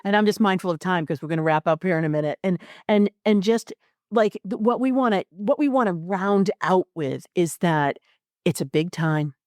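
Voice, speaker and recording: A woman hosting a podcast interview, chatting casually and telling stories with animated acted-out voices and frequent laughter. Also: on the low side, normal speed, no room sound, clean studio sound. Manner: animated storytelling, acts out voices, laughs often. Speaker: podcast host.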